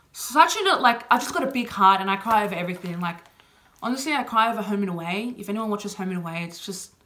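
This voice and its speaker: A woman's voice: medium pitch, fairly bright tone. A young woman answering personal questions in a casual, open video chat, full of "like" and "you know". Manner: chatty, heavy on "like" and "you know" fillers; open and emotional. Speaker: vlogger.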